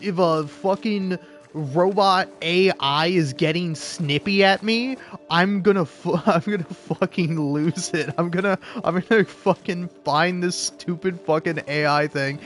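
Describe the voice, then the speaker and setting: Speaking a little slowly in a high voice, a man who makes gaming videos rambles through casual commentary on his gameplay. He swears heavily and laughs often while building up mock outrage.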